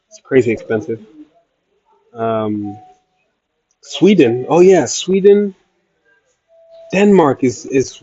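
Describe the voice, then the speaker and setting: A man talking casually to his livestream audience and answering their questions with playful asides. His voice sits at a middle pitch and sounds dry and close. The recording is slightly dull and lo-fi. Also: dark tone, dry recording. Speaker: travel livestreamer. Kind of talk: casual livestream chat reading comments. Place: traveling in Iraq.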